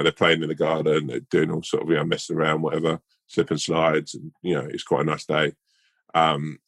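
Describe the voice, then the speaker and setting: A man's voice: extremely low pitch, creaky, no echo. A man co-hosting a podcast, telling a rambling mock-earnest story in a playful, casual way. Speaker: podcast co-host.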